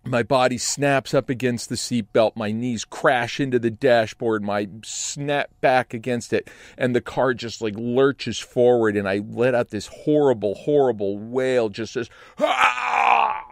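A man telling a personal story with dramatic flair, swinging between hushed narration and loud outbursts. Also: mid-range voice, unhurried, hardly any pauses, dry recording, studio quality. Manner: animated, shifts between hushed and shouting. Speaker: storyteller guest. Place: Los Angeles.

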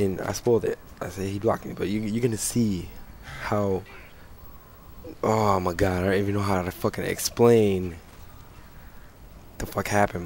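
A young man with a sick, hoarse voice, ranting and swearing through casual gameplay commentary. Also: lowish voice, darkish tone, a little hiss or hum. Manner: profane, ranting, frustrated. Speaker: gaming channel host.

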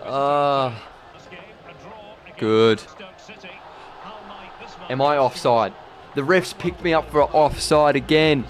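A man commentating his own football video game career, yelling at missed chances and then muttering in defeat. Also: on the high side, normal speed. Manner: excitable, swings between shouting at the game and deflated muttering. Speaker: gaming YouTuber. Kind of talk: gameplay commentary.

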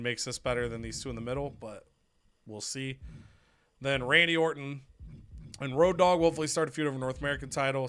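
A man's voice: medium pitch, fairly bright tone, a little hiss or hum. A man casually talking through his moves in a wrestling management game, chatty and joking at his own expense. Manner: chatty, jokey, self-mocking. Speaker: player and show host. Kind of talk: casual gaming commentary.

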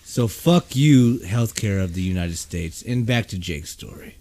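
A man's voice: on the low side, expressive, measured pace, a little mellow, no echo. A man hosting a podcast who rants in an emphatic, profane way. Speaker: podcast host. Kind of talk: casual podcast rant.

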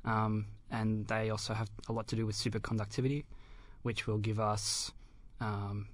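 A man's voice: on the low side, level tone, moderate pace, no room sound. A young man, a guest on a podcast, explaining his work in an easygoing way with lots of ums and laughs. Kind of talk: casual podcast interview.

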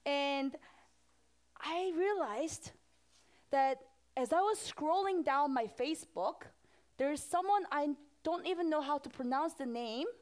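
High-voiced woman pastor talking to kids. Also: slow pace. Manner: animated, asks the children questions. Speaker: children's pastor. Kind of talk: children's sermon.

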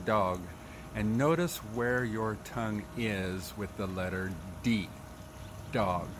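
A man with a lowish voice walks through pronunciation at an unhurried pace, patiently repeating each sound to demonstrate it. Clear background noise sits under his voice throughout. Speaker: language teacher. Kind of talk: spoken tutorial. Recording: noisy background.

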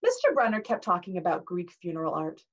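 A teacher reading a novel aloud to a class in an expressive, animated way. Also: female voice, on the low side, fairly quick. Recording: dull lo-fi recording.

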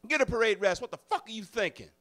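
A male comedian telling a personal story live on stage, animated and profane, moving between loud bursts and hushed, confessional moments. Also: high-pitched, fast talker.

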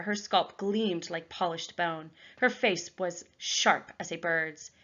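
A woman teacher reading a novel aloud to her class, expressive and clear. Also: medium pitch, dull audio. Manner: expressive storytelling.

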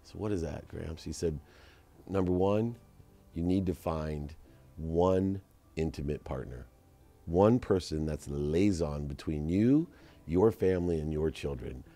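A middle-aged man, a guest entrepreneur, telling stories in a casual podcast conversation and slowing down to stress advice. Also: extremely low pitch, dark tone. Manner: storytelling, slows down to stress advice.

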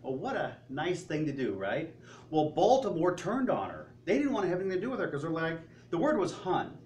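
A man's voice: on the high side, wildly swooping pitch, brisk, darkish tone, a little hiss or hum. A male pastor preaching a sermon, telling stories animatedly and asking rhetorical questions. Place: church sanctuary. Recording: roomy, distant church sound with faint ambience.

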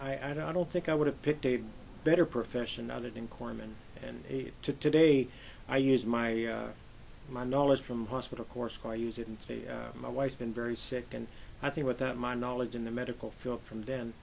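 An older man from Pennsylvania, a Navy veteran, telling lively anecdotes in an oral history interview and acting out the voices he quotes. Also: medium pitch, normal speed, gravelly, a little hiss or hum, low-quality recording. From Pennsylvania, USA.

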